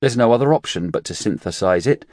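Narrator's own low voice as a flat, unimpressed hibernator; dismissive, no wonder in him. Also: male voice, quick pace, dry recording, clean studio sound, natural voice. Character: weary indifferent man woken from hibernation.

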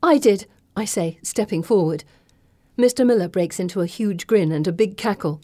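Woman, audiobook narrator, mellow warm voice, dramatic and expressive, dry close recording. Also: fairly low pitch, normal speed, no echo. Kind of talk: scripted first-person narration.

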